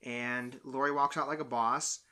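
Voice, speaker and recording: Bright-voiced man recapping a film. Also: mid-range voice, measured pace, clean tone. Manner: animated storyteller, acts out quotes. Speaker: podcast host. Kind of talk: casual movie recap chat.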